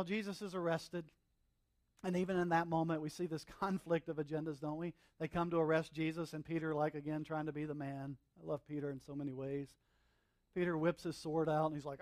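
A male pastor preaching a sermon in an animated, conversational way, with humorous asides and emphatic swings from loud to hushed. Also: a little high, dry recording.

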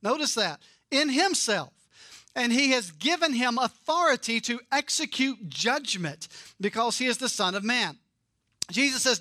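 High, bright-voiced preaching man. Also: animated, slow pace, dry recording, clean studio sound. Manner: emphatic preaching, swings from loud stresses to quiet asides. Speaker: pastor. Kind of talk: sermon.

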